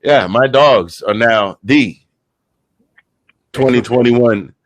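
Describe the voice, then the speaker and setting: A man in his fifties, a guest short on sleep, telling an excited sports story with many restarts. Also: medium pitch, slow. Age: 50s. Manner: animated storyteller, stumbling restarts.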